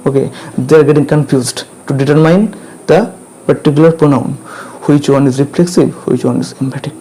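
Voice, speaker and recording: A man teaching grammar, repeating each point and checking in with questions like "clear?". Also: on the high side, brisk, warm tone, slight background noise, rough recording. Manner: repetitive, drills points again and again with checking questions. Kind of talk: classroom grammar lesson.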